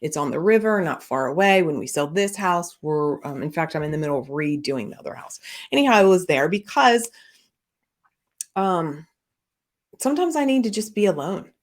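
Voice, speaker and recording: A middle-aged woman, a business coach who hosts a podcast, tells a personal story openly and ramblingly, with frequent fillers and restarts. She has a low voice with lively intonation and speaks at normal speed.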